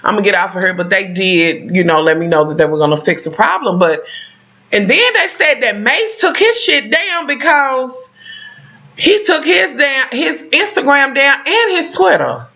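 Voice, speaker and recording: A woman vlogger ranting casually to her viewers in a profane, animated, rambling way. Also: high voice, moderate pace. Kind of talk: casual vlog rant to viewers. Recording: dull lo-fi sound.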